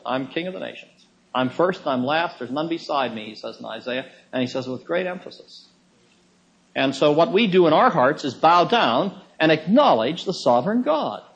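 Emphatic male preacher, slightly high voice. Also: highs cut off. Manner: emphatic, with sudden rises in pitch for stress. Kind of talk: sermon.

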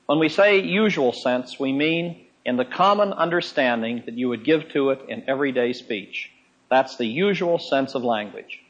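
A man giving a sermon-style Bible lesson in a folksy way, repeating key phrases and slowing down to explain them. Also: mid-range voice, animated. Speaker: preacher and teacher. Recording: dull lo-fi recording.

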